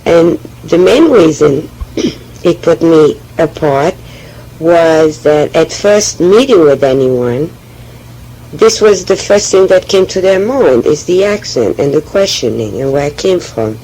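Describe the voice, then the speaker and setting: Halting, gravelly woman with a French accent. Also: deep voice, lively intonation, dark tone, poor audio. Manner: hesitant, halting, with frequent restarts. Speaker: memoir speaker. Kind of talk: personal oral history monologue.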